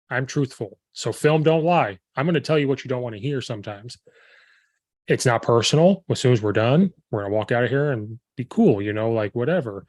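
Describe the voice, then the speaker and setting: A man hosting a podcast as a football coach, telling stories with lively acted-out quotes. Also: medium pitch, dry recording. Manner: animated storytelling, acting out quoted players and himself. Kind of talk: casual chat.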